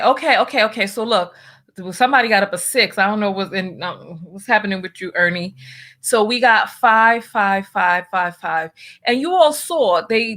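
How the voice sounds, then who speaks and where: A woman's voice: medium pitch, a bit bright. Exasperated woman venting on a livestream. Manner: frustrated, venting, rapid restarts. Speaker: livestream show host. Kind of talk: casual livestream talk.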